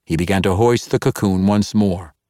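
A man's voice: sits low, no echo. Male audiobook narrator, dry studio sound. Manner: measured, expressive reading. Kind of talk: scripted fantasy narration.

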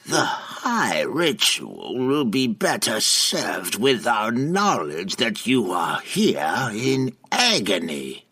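A man voicing a cold, imperious drow matron who hands down slow, haughty commands. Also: on the low side, huge pitch swings, bright, forceful tone, slightly rough, exaggerated voice.

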